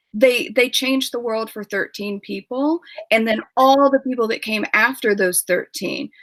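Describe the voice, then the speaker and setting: Woman author, tearful, halting and repetitive, bright dry sound on a video call. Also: fairly high pitch, no room sound. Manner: emotional, halting, repeats words.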